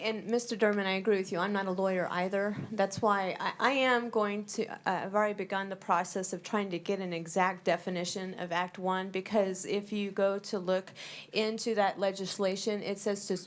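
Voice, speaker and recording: Earnest emphatic woman at a board meeting. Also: medium pitch. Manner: earnest, emphatic, repeats key words. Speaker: school board member. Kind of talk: public meeting remarks.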